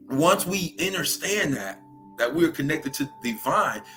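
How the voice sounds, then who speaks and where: A young man with a Louisiana Southern accent hosts a spiritual livestream, unhurried and preachy, often pausing to ask his viewers "right?". His pitch sits at an ordinary middle level while he stretches out his words. Soft music plays faintly behind him.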